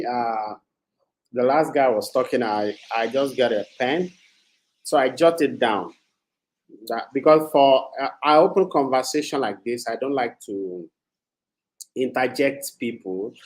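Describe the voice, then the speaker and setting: A man with a Nigerian accent, a panelist in a casual podcast discussion, speaking in a measured way and mixing in Pidgin. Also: mid-range voice, animated.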